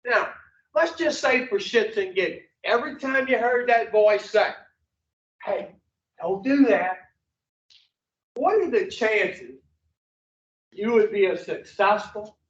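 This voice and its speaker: A high-voiced man preaching to a recovery group, blunt and profane, tossing question after question at his listeners. He is heard from a distance in a roomy space, and the sound is dull and muffled. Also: lively intonation, measured pace, fairly bright tone. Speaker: recovery speaker. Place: meeting room at an addiction recovery center.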